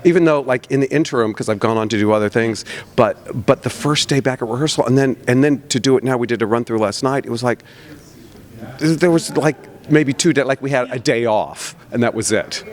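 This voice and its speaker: A man's voice: mid-range voice, brisk. A man, an actor in a press interview, talking enthusiastically and rambling with many restarts.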